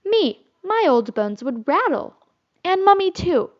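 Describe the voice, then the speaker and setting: A woman's voice: extremely high pitch, big pitch swings, a little slow, pitched above the performer's own voice, exaggerated voice. A woman voicing a playful boy leader who acts the father of the group, jolly and teasing, in a storybook reading. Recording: slightly muffled recording.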